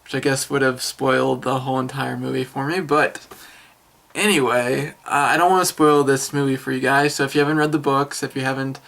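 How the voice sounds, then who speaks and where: An eighteen-year-old man reviews a film for his vlog at a middling pitch. He gushes and rambles, trailing off into fillers and restarting his sentences. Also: fairly quick, vocal fry. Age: young adult. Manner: excitable, rambling, many fillers.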